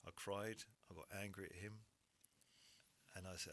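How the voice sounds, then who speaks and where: A man's voice: sits low, fairly even intonation, fairly bright tone. A man in his forties, a podcast guest telling a personal story candidly, stammering and restarting as he goes. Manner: honest, halting, frequent stammered restarts.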